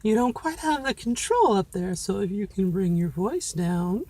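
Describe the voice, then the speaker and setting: Talking directly to viewers in her casual vlog, the middle-aged woman sounds animated, at medium pitch and normal speed, with a dark tone and no room sound. Her reflective monologue is candid and self-encouraging, delivered in a trained feminine voice placed with care.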